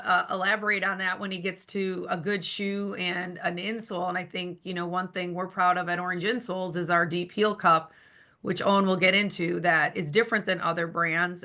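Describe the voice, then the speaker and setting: Bright, upbeat woman on a podcast. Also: lowish voice. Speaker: podcast co-host from the company. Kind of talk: casual promotional chat.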